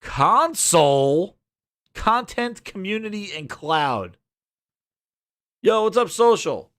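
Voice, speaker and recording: A man streaming games, ranting and sarcastic as he reads a web page aloud, muttering low over the text and swearing when he gets worked up. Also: big pitch swings, slow, a bit bright, smooth. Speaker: gaming streamer. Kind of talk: ranting commentary while reading a web page.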